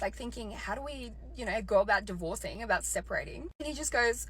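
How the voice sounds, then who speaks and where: A woman's voice: high-pitched, fast talker, few pauses, slightly rough, poor audio. A young woman telling a personal story in an emotional monologue, her voice cracking and jumping up when she gets outraged. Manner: animated, voice cracks and rises to near shouts when outraged. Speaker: storyteller in a clip.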